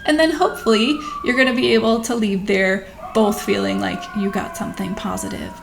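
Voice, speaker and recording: A woman speaking to camera in a thoughtful, conversational way, gently coaching listeners. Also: mid-range voice, steady tone, brisk, vocal fry. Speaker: physician hosting her own video channel. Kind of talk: reflective talk to camera. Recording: echoey room with faint background noise.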